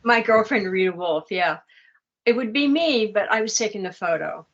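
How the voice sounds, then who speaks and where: Older woman telling lively stories. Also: medium pitch, normal speed, highs cut off. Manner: lively anecdotes with laughter. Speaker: interview guest. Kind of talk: casual storytelling.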